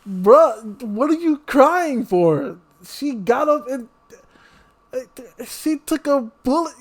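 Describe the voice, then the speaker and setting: A man's voice: very high-pitched, animated, takes it slowly. A man hosting a horror reaction video, ranting in an exasperated, casual way about the characters' poor choices.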